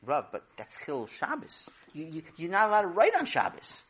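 A man voicing an eager, overly literal, naive man who speaks high, loud and with stammers. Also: wildly swooping pitch, moderate pace, husky, exaggerated voice. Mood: earnest.

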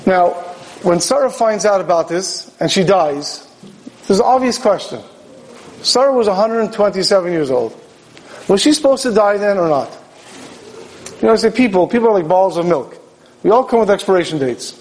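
A man's voice: sits high, expressive, moderate pace, long pauses, a little mellow, slight background noise, rough recording. A man, a rabbi, giving a Torah sermon in a storytelling manner, asking questions and acting out dialogue.

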